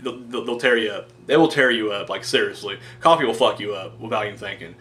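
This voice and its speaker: A man's voice: lowish voice, quick pace, a bit bright. A man casually reviewing a wrestling show, rambling and enthusiastic, swearing freely and acting out the wrestlers' lines in mock voices. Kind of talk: casual video review commentary.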